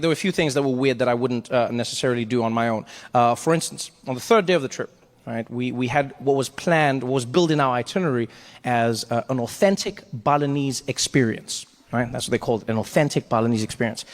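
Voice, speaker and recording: A man performing stand-up comedy, telling a story with lively acted-out quotes. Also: mid-range voice, long reverb tail.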